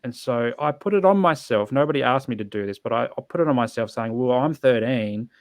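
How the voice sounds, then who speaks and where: Man, podcast guest, earnest reflective storytelling, gravelly voice, dry close sound. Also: mid-range voice, lively intonation, fast talker, dry recording. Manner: earnest, reflective, with frequent restarts. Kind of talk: personal storytelling.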